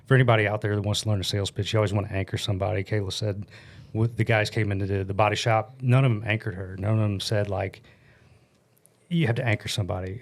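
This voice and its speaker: A man, a guest on a podcast, telling a work story in a blunt, animated, casual way with some swearing. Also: on the low side. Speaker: guest, paintless dent repair business owner.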